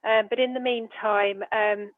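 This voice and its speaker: Woman, session chair, brisk polite, high voice, tinny phone-like line. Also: steady tone, no echo. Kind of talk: moderating an online panel.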